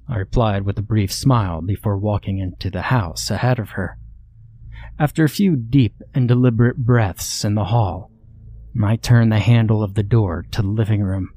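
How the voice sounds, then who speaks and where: A man narrating a first-person horror story in a measured, steady way. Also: fairly low pitch.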